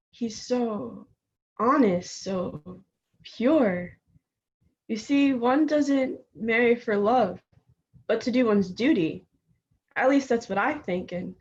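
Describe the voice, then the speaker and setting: An actress as a gentle, slow-speaking elder sister. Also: female voice, fairly high pitch, dull audio. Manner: soothing, measured advice. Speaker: student actor. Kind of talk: stage drama dialogue.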